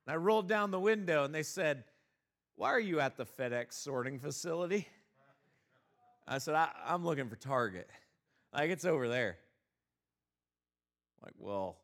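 Guy preaching a sermon, tells a story all worked up, kinda high voice. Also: a bit bright. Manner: storytelling with rising exasperation. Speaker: pastor.

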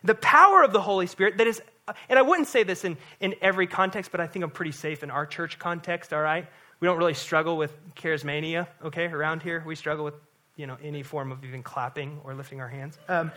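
A man's voice: a little high, expressive, fairly quick, pushed and bright. A middle-aged man, a pastor, giving an earnest, conversational sermon with frequent restarts.

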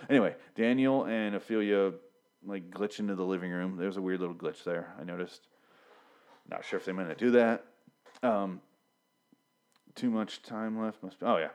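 A young man with a slightly low voice rants through a TV episode recap. He swears often, stumbles over restarts and fillers, and sounds worked up and flustered. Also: steady tone, moderate pace, long pauses, darkish tone, smooth. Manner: rambling, profane, frequent restarts and fillers. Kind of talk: casual rant.

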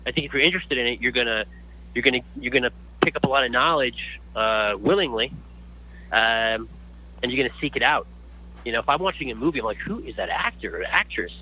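Man guesting on an interview, animated storyteller, restarts a lot, slightly muffled sound. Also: medium pitch, brisk. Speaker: guest actor. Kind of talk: casual interview talk.

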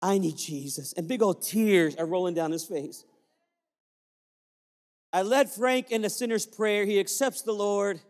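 Brief: male pastor from Puerto Rico, animated sermon storyteller, high-ish voice, reverberant sanctuary. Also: measured pace, pauses often. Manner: animated storyteller, acting out dialogue. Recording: long hall reverb.

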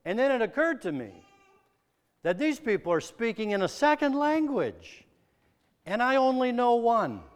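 A preacher from the American Midwest giving a sermon, asking probing, earnest rhetorical questions. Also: male voice, very high-pitched, sing-song, normal speed, big-room sound.

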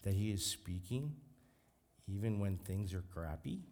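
A man's voice: sits low, expressive, measured pace, mellow, a little hiss or hum. A man preaching a sermon as pastor, fervent and emphatic.

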